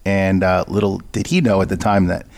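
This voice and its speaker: A man shares his personal story as a guest on an interview podcast, earnest and halting with plenty of fillers. His low voice carries a gravelly rasp. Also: steady tone, a little mellow. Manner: earnest storytelling, frequent uhs. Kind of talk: interview testimony.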